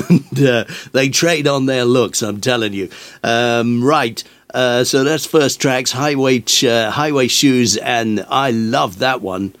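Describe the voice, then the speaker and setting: Rambling older radio DJ, dry studio sound. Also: male voice, fairly low pitch, no echo. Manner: rambling, chatty, full of uh fillers and asides. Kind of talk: casual radio chat.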